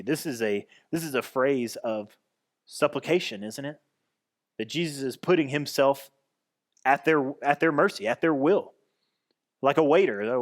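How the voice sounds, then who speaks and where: A man's voice: mid-range voice, moderate pace. A man pastor giving a conversational sermon, restarting and repeating phrases as he goes.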